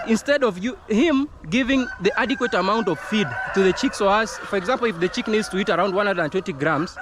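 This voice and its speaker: A man's voice: high voice, noisy background. A man from Kenya, a poultry farming consultant, giving earnest, repetitive advice in a vlog to camera, with chickens clucking behind.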